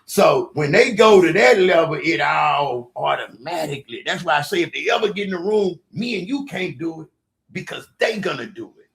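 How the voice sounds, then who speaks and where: Guy yelling thru stories on a podcast, high gravelly voice, swings all over. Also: moderate pace. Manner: loud, excitable, acts out others' lines. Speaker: podcast guest telling stories. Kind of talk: animated storytelling chat.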